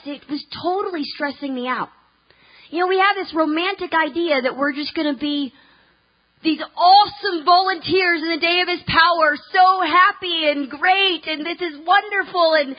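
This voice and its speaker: High-voiced woman telling a story in a sermon. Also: normal speed, muffled recording. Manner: chatty, lots of ums and restarts, laughing asides. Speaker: speaker at a church conference.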